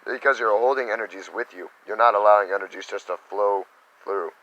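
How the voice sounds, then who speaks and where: Guy teaching meditation, super bright tense voice, lively, does little voices for people. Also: on the low side, brisk, dull audio. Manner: animated, acts out little quoted voices. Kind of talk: casual spiritual teaching talk.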